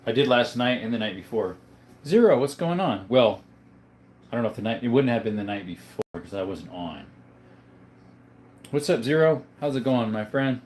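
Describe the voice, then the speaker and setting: A man's voice: medium pitch, animated, moderate pace, long pauses, darkish tone, a little hiss or hum. A man hosting a livestream, casually reading viewer comments aloud and answering their questions one by one in a laid-back way. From Arizona, US. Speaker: livestream host.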